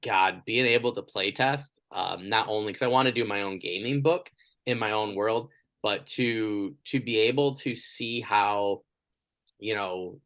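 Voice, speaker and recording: A man hosting a podcast interview, chatting casually and telling stories with lively energy. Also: lowish voice, unhurried. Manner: animated, energetic storytelling. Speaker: podcast host.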